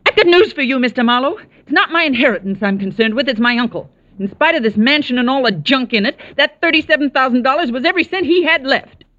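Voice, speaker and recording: A spirited young woman protecting her uncle. Her voice moves lively up and down. It sounds close and dry through a muffled vintage radio recording. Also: deep voice, normal speed, no echo. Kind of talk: 1940s radio acting. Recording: dull, dry old radio broadcast.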